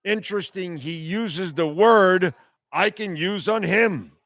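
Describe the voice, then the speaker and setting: A man's voice: sits high, takes it slowly, fairly bright tone, no room sound, clean studio sound. A man hosting a sports talk radio show, ranting bluntly and sarcastically with plenty of profanity.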